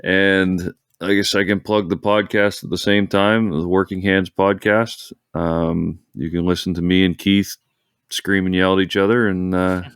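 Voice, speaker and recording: A man's voice: low-pitched, flat delivery, measured pace, smooth, no echo, studio quality. A man guesting on a podcast in casual chat, laid-back and joking.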